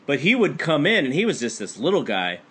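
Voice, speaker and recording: A man's voice: a little high, huge pitch swings, fairly quick, pushed and bright, breathy edge. A man co-hosting a casual wrestling podcast, telling a long story with many false starts and restarts. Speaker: podcast co-host. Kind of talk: casual chat.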